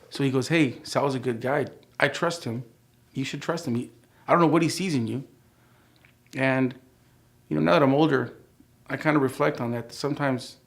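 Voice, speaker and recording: A man in his forties tells his own story in an easygoing, conversational way. He voices the people he quotes with lively jumps in tone, then drops back to a quieter, reflective voice. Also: mid-range voice. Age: 40s. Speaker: interviewee sharing his life story. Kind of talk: relaxed storytelling interview.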